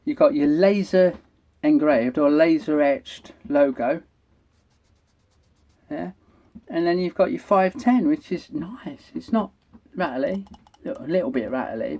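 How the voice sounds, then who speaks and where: A man's voice: fairly high pitch, a little slow, warm tone. A middle-aged British man, the host, giving a chatty, enthusiastic product review and swearing freely. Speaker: vape reviewer. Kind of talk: casual product review vlog.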